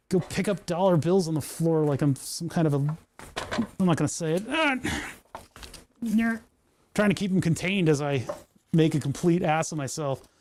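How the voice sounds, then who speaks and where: A man's voice: on the high side, a little mellow, a little hiss or hum. A man who streams on Twitch, chatting casually to himself while tinkering at his workbench, grumbling and joking.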